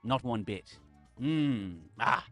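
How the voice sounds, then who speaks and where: A man's voice: mid-range voice, lively intonation, takes it slowly, a bit bright, no room sound. A preening dragon holds court in a put-on British accent, as a man voices him for a VTuber stream, his theatrical delivery swooping up and down as he passes judgement. Faint music plays behind him. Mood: disdainful. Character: pompous woke male dragon VTuber.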